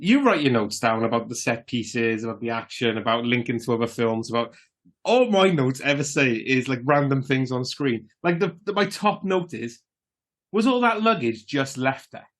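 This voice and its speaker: A man's voice: mid-range voice, expressive, normal speed, a bit bright. A man co-hosting a podcast, chatting casually about a film in a jokey, loose way that includes casual swearing. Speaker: podcast co-host.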